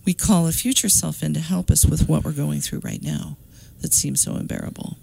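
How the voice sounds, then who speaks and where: Woman healer, very gravelly, dark mellow tone, calm slow explainer. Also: sits low, a little hiss or hum, poor audio. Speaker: shamanic soul coach. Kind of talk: explaining her healing practice.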